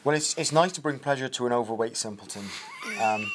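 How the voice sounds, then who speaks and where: A man's voice: medium pitch, a little fast, a little hiss or hum. A man co-hosting a comic ghost hunt in an old pub at night, talking in a dry, mock-earnest, self-mocking way. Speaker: co-host. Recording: roomy echoey pub room.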